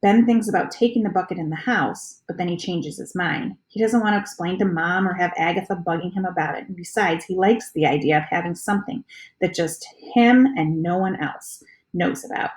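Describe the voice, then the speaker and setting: A woman reading a children's storybook aloud in a steady, plain narration. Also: fairly low pitch, a little fast.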